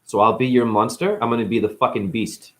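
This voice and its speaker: A man's voice: mid-range voice, fairly even intonation, brisk. A man in chronic pain, giving a blunt, profane, rambling unscripted monologue on a live stream.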